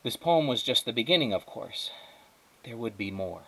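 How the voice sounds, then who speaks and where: A male teacher reading a children's chapter book aloud, narrating in a steady, measured way. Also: mid-range voice, poor audio. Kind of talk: storybook read-aloud.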